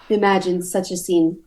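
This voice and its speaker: A woman playing in a tabletop game, speaking casually and haltingly. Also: lowish voice, darkish tone. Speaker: player. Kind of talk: tabletop role-play.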